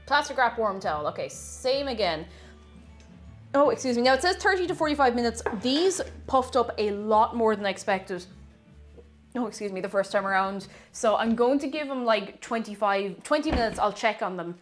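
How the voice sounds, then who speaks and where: A woman's voice: medium pitch, fairly quick, faint music behind. A woman chatting casually with her stream chat while baking in her home kitchen, reading messages aloud. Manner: chatty, reads chat aloud, bursts of excited whoops.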